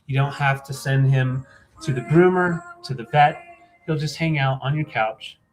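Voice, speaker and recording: A man's voice: medium pitch, moderate pace. A man co-hosting a live vintage sale, talking in an easygoing, fond way with lots of fillers. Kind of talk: casual sales chat.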